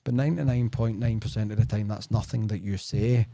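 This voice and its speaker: Mellow-voiced Scottish man chatting. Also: fairly low pitch, steady tone, brisk, vocal fry, dry recording. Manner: chatty storyteller, peppered with "like" and "right?". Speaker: sales expert guest. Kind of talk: casual podcast conversation.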